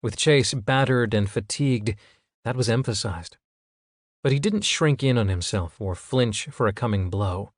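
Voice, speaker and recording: A man narrates an audiobook in a steady, even reading at a middle pitch. The recording is dry and close, with no room sound. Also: unhurried, dry recording. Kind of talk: scripted narration.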